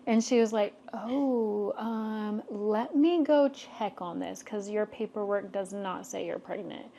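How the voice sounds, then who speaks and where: A woman's voice: mid-range voice, takes it slowly, vocal fry, warm tone, a little hiss or hum. A young woman co-hosting a podcast, telling a personal story frankly with many fillers and quoting what others said to her. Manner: frank, filler-heavy, acts out others' remarks in quotes. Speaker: podcast co-host. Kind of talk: candid conversational storytelling.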